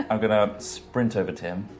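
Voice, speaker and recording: A man playing a tabletop game, excitable, swinging between shouts and mutters. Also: on the low side. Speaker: player. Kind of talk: casual tabletop play. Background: faint music.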